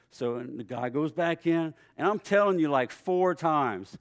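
A middle-aged man preaching a sermon in a conversational storytelling way, with lively swings in his voice. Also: a little high, unhurried. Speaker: pastor.

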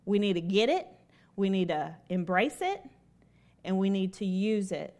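A woman's voice: medium pitch, lively intonation, normal speed, a little mellow. A woman giving a devotional talk. She tells a personal story, stresses her points through repetition, and asks her listeners questions. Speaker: lay speaker at a devotional.

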